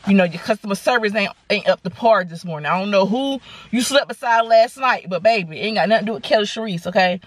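A woman, telling a story to her viewers in a casual, animated, sassy way from inside a car. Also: medium pitch, fast, hardly any pauses, no room sound. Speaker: vlogger. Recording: car noise behind the voice. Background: car and road noise.

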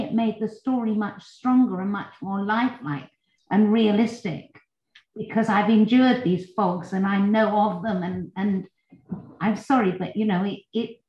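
Woman, from England, slow, earnest, apologetic, book club member, echoey dull video-call audio. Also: mid-range voice. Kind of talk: literary discussion over video call.

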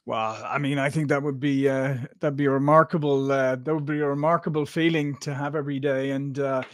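A man's voice: mid-range voice, fairly even intonation, a little fast, no room sound, clean studio sound. A man from Ireland, hosting an interview podcast in a rambling, conversational way. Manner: rambling, with many fillers and restarts. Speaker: podcast host.

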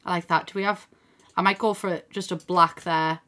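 A woman's voice: on the low side, fairly even intonation, moderate pace, a bit bright. A woman streamer chatting casually as she plays, thinking aloud, reading out chat and swearing now and then, on a desk microphone at her home computer. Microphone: desk microphone in front of screen.

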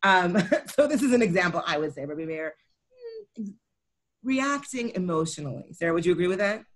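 A woman's voice: on the low side, expressive, fairly quick. Woman teaching a text, asking "right?". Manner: explanatory, often checks in with "right?". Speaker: Talmud teacher. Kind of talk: co-taught text study session.

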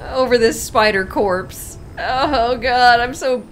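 A woman's voice: fairly high pitch, takes it slowly, crowd noise. A woman streaming a video game, playful and exclamatory, laughing and reacting as she plays. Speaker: gaming streamer. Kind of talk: live game commentary.

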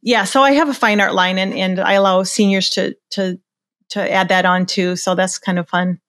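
A woman's voice: medium pitch, steady tone, normal speed, a bit bright, dry recording. An older woman, a portrait photographer, talking in a casual interview with enthusiasm and many restarts. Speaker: senior portrait photographer, guest.

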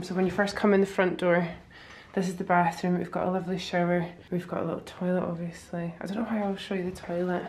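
A woman's voice: medium pitch, slight background noise. Chatty Scottish woman vlogging. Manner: chatty, enthusiastic, gushing. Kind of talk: casual vlog chat. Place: hotel room. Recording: echoey room.

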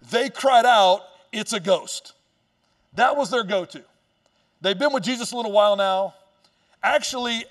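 A man preaching a sermon as pastor, telling a Bible story in a casual, joking way with quick asides. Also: high-pitched, bright, forceful tone, distant mic. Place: church stage.

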